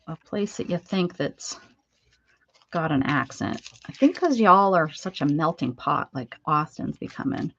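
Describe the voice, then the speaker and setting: A woman's voice: sits low, breathy edge, lo-fi sound. A woman hosting a crafting livestream, chatting and rambling casually with viewers as she works. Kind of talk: casual chat while crafting.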